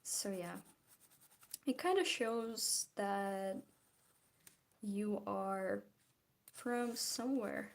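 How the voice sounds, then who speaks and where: A woman's voice: mid-range voice, drawn-out words, pauses often. A woman from Belarus with a Belarusian accent, chatting casually while she draws and answers live chat, often restarting her sentences. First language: Belarusian or Russian. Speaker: vlogger.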